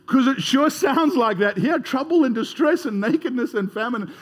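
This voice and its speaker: A man's voice: very high-pitched, big pitch swings, moderate pace, breathy edge. A man preaching a sermon in a conversational way, leading the congregation in call-and-response. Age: 30s or older.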